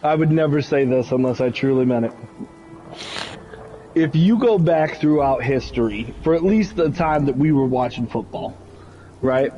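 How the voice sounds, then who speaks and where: A man in casual sports chat, excitable and swearing, laughing easily. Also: medium pitch, moderate pace, highs cut off, slight background noise.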